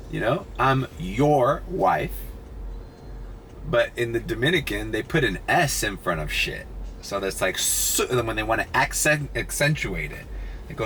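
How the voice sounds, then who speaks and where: A man's voice: medium pitch, moderate pace. A man talking casually and profanely as he vlogs while driving for rideshare. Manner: profane, rambling, animated when quoting others. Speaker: rideshare driver vlogger. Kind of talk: casual vlog monologue. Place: inside his car. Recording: car with loud road noise.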